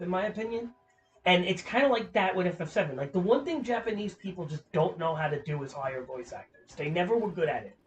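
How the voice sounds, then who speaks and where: A man's voice: high voice, a little hiss or hum. A man streaming a game, chatting in a casual, rambling way, swearing freely and filling with "like". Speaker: gaming streamer.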